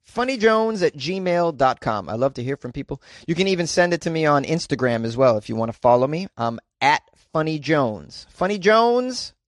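A man with a fairly high voice hosts a comedy news podcast, rambling through jokes and chuckling at himself. The sound is dry and close, with no room around it. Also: expressive, a little fast, hardly any pauses, no echo. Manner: jokey, rambling, laughs at own jokes. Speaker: podcast host.

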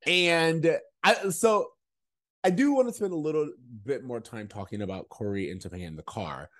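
A man co-hosting a casual podcast, recapping a TV episode and acting out quotes with lively energy. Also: on the high side, moderate pace. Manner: animated, acts out quotes. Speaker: podcast co-host.

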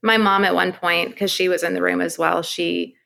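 A woman in her thirties, a podcast guest, tells a personal story with candor. Her lowish voice is gravelly but carries a bright, forward edge. She rambles, restarts her sentences and fills them with "like.". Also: little pitch movement, normal speed.

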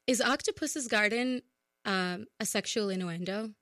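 A woman's voice: mid-range voice, a little slow, pushed and bright, no room sound, clean studio sound. A woman co-hosting a radio show, chatting playfully with a laugh and reading a story aloud. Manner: giggly, playful. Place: radio studio.

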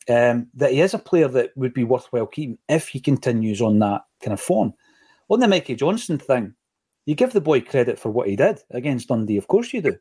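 A Scottish man in middle age hosts a football podcast, talking through his opinions casually with quick asides. His voice sits at an ordinary middle pitch for a man. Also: mellow, husky. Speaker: podcast host.

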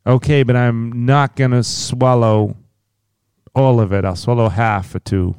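A man's voice: mid-range voice, steady tone, a little slow, darkish tone, clean tone, dry recording, clean studio sound, pitched below the performer's own voice, lightly acted. A man playing a blunt haggling street hooker.

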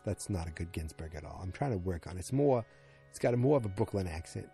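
A man's voice: deep voice, animated, quick pace, creaky, warm tone, faint music behind. A man casually recapping a TV episode, rambling with lots of fillers and restarts.

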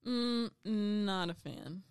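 A woman's voice: mid-range voice, clean tone, no room sound. Young woman cohost, laughs a lot, rambles, dry close mic. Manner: laughs often, quick rambling asides. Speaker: podcast co-host. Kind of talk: casual chat.

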